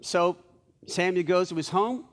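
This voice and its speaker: A man preaching a sermon as pastor of a church, telling stories in a lively way and acting out the lines of the people in them. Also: high voice, measured pace.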